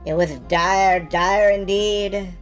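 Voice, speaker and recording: A woman voicing a grave old male master and slowly reading his solemn, foreboding lines of game dialogue. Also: medium pitch, fairly even intonation, faint music behind, lightly acted.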